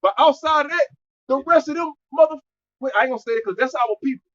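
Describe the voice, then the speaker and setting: Male street preacher, high voice, loud and profane, muffled lo-fi recording. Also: quick pace.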